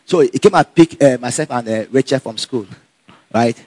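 A man telling a personal story in a casual, animated way, laughing often and acting out the dialogue. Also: mid-range voice, normal speed, dry recording. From Nigeria.

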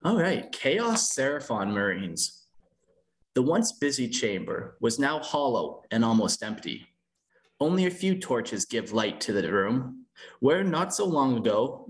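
A young man hosting a podcast, swearing casually and stumbling over words while reading a story aloud. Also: fairly low pitch. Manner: loose and profane, stumbles when reading. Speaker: podcast host. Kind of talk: casual chat and reading fan fiction aloud.

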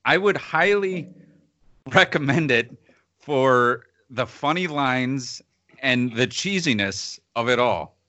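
A man co-hosts a casual talk show, sardonic and quick to chuckle. His tone is bright and cutting, heard dry and close. The recording is a little dull and lo-fi. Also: mid-range voice, lively intonation, dry recording. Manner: laughs between phrases, sardonic. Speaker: podcast co-host reviewing films. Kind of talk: casual chat.

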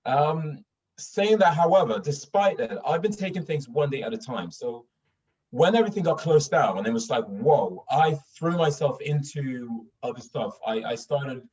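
A man's voice: mid-range voice, expressive, moderate pace, darkish tone. A man from Sweden talking casually in an interview, full of restarts and fillers. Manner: rambling, many restarts and fillers. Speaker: guest actor. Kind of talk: casual interview over video call. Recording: distant, dull lo-fi mic.

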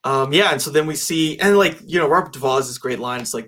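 A man's voice: a little high, quick pace, fairly bright tone, slight background noise. A man in casual conversation about a film, rambling with lots of fillers and restarts. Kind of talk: casual movie discussion.

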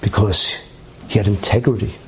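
A man telling a religious story in a lively way, with chatty asides and many okays. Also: lowish voice, moderate pace, a little hiss or hum. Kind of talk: animated storytelling talk.

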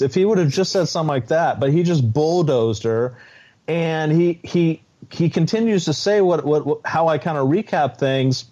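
A man co-hosting a podcast, talking in a halting, restarting way about a reality show episode. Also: fairly high pitch, lively intonation, darkish tone. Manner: halting, many restarts and fillers. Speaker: podcast co-host. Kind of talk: casual chat. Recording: dull, muffled audio.

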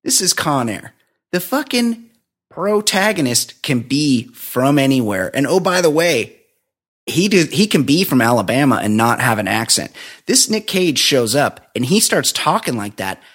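A man's voice: mid-range voice, big pitch swings, a little slow, fairly bright tone, husky. Profane, laughing man riffing on a movie. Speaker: podcast co-host. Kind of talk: casual movie-review chat.

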